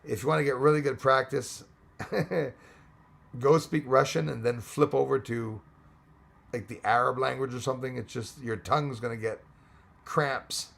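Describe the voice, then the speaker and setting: A man hosting a casual livestream, reading out chat names and greetings, his voice going hoarse and rambling between English, French and Spanish. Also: medium pitch, steady tone, unhurried, fairly bright tone. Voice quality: gravelly, hoarse voice. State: losing his voice.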